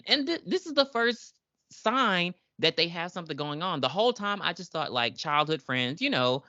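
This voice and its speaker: Low, lively young woman podcaster. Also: normal speed, no room sound, dull audio. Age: 20s. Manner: animated, laughing, acts out characters in voices. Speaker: podcast co-host. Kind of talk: casual recap chat.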